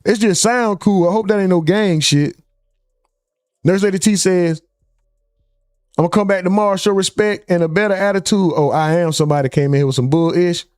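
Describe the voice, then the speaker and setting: Man, live stream host, casual chat reading, joking, high pitch, dry close mic. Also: a little fast, darkish tone, smooth, dry recording, soft background music. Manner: loose, joking, reads chat names aloud.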